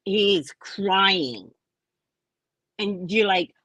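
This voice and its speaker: A woman's voice: on the low side, measured pace, breathy edge, no echo. An older woman hosting a show, telling a story in a casual monologue and acting out the voices of the people in it, swearing freely. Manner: animated, acts out voices in quotes, swears. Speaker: host.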